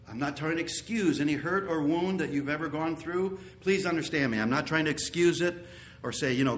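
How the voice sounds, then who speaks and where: A man preaching a sermon as pastor, earnest, repeating key phrases and sometimes rising to loud exclamations. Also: fairly high pitch, brisk, a little hiss or hum.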